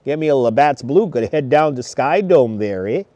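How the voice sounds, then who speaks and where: A man's voice: medium pitch, lively intonation, mellow, no room sound, dull audio, natural voice. Man doing a jokey Canadian guy saying "eh". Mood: joking. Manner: drawn-out "eh?" tags. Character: jokey stereotyped Canadian guy, beer and hockey.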